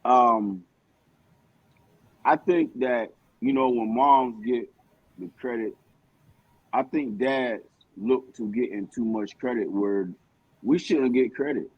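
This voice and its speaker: Husky man arguing bluntly on a podcast. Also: mid-range voice, slow pace, long pauses, no echo, muffled recording. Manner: blunt, emphatic, heavy profanity. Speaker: podcast co-host. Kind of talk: heated casual debate.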